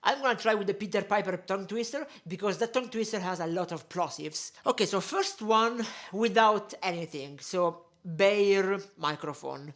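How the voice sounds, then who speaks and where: A woman's voice: medium pitch, normal speed, hardly any pauses. A woman casually demonstrating microphone gear at her home setup. She explains as she goes and uses plenty of fillers. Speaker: streamer testing microphone gear. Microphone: desktop condenser microphone.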